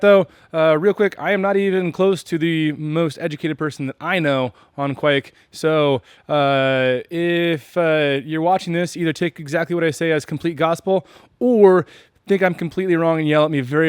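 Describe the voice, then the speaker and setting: A man's voice: fairly high pitch, smooth, no room sound, clean studio sound. A man from the United States hosting a homebrewing channel, explaining casually and rambling with many fillers and self-deprecating asides.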